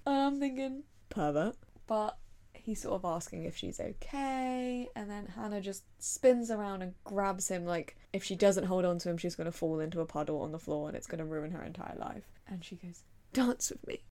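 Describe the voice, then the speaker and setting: A woman, co-hosting a podcast and retelling TV scenes in an animated, giggly way. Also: mid-range voice, normal speed. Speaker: podcast co-host. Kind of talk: casual TV recap chat.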